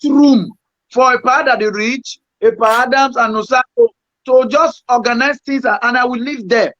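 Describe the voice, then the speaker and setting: Man, very high voice, Nigerian Pidgin accent, halting rambling talk, dull dry lo-fi sound. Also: fairly bright tone, no echo. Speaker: guest musician. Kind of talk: casual storytelling in Pidgin.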